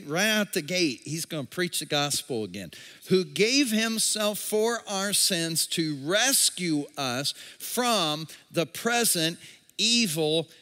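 Bright-voiced pastor preaching in a hall. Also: male voice, high voice. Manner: conversational preaching, reading scripture aloud with asides to the congregation. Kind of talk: sermon. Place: large room, a movie theater used as a church. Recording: long hall reverb.

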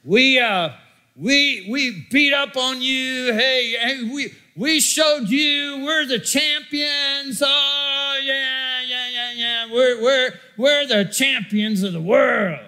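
A man voicing a rowdy drunk male sports fan who shouts and boasts over and over. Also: extremely high pitch, slow, clear, resonant tone, full character voice. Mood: gloating. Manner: jeering, shouting, repetitive boasting.

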